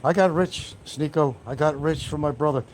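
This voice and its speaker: A man's voice: fairly high pitch, normal speed, background noise. A man hosting a livestream, rambling in a brash, taunting, trash-talking way. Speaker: livestream host.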